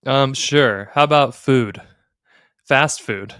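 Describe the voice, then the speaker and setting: A man's voice: medium pitch, slow, fairly bright tone, smooth, no echo, clean studio sound. A man co-hosting a casual podcast conversation, playfully quizzing his co-host like a game show.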